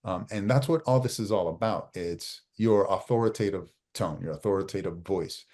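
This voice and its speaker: A man's voice: low-pitched, normal speed, darkish tone. A middle-aged man teaching a masterclass as a media trainer, emphatic and coaching, repeating key phrases and restarting often. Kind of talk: live online masterclass teaching.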